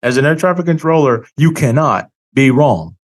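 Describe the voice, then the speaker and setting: A man's voice: medium pitch, lively intonation. A man hosting a finance channel, talking in an opinionated monologue and leaning hard on key words, a little tired. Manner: emphatic, drawn-out stresses on key words.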